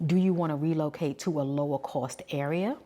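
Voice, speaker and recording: Forties woman, New York accent, deep-set low voice; casual, candid vlogger talk. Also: normal speed. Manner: chatty, candid, thinking out loud.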